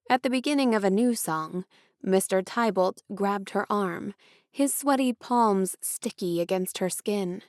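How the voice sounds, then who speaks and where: A woman narrating an audiobook in a measured storytelling style. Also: mid-range voice, dry recording, clean studio sound.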